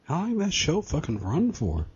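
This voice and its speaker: A man's voice: fairly high pitch, wildly swooping pitch, normal speed, darkish tone, breathy edge. A man co-hosting a casual podcast chat, laid-back and joking, chiming in with quips. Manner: laid-back, laughs often, chimes in with quips. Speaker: podcast co-host. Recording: dry, dull lo-fi podcast audio.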